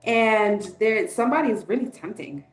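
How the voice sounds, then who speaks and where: Woman tarot reader, slightly high voice, candid and chatty, in a roomy echo. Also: lively intonation, moderate pace, faint music behind. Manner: chatty, candid, swears, laughs often. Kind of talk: casual tarot card reading.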